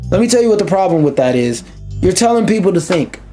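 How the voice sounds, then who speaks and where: A man's voice: high-pitched, very animated, fast talker, warm tone, faint music behind. Young male streamer, casual reaction commentary, swears freely, rants mid-read. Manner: profane, ranting, interrupts reading to complain. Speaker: streamer reading an article aloud.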